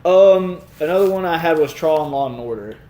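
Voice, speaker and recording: A man co-hosting a podcast in casual chat, laughing often and breaking into animated voices to quote sketches. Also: a little high, moderate pace, roomy sound. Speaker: podcast co-host.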